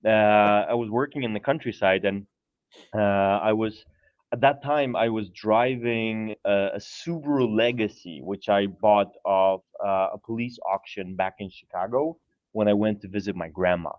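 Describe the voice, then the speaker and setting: A man from Poland with a Polish accent, a podcast guest telling stories in an animated way, repeating words and laughing often. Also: fairly low pitch, moderate pace, muffled recording. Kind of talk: casual storytelling.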